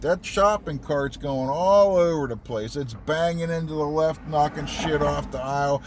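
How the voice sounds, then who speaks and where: Sıradan bir anlatıcı adam, eski taksi şoförü; sohbet havasında, küfürlü konuşuyor ve diyalogları canlandırıyor. Arkada hafif bir araç sesi duyuluyor. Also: male voice, fairly high pitch, moderate pace, few pauses, slight background noise. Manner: conversational, profane, acts out quoted dialogue. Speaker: storyteller, former cab driver and dispatcher. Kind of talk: casual anecdotal storytelling.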